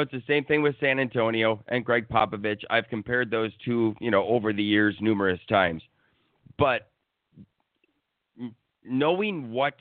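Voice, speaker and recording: A man's voice: medium pitch, dry recording. A man giving blunt, profane sports opinions in a casual talk-show rant. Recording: tinny phone-like line, dry.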